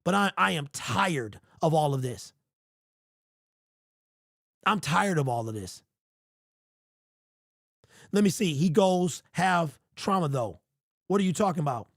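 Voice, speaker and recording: A man's voice: a little high, animated, slow pace, gravelly, pauses often, dry recording, clean studio sound. A man hosting a livestream sports show, ranting in a heated, exasperated way and repeating himself, his voice sounding strained. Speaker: sports podcast host.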